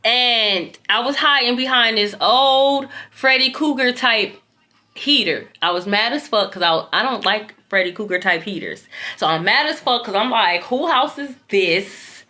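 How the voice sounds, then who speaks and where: A woman, telling viewers a long dream story in a loose, animated way, swearing freely and talking straight to them. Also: on the high side, normal speed. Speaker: tarot reader recounting a dream.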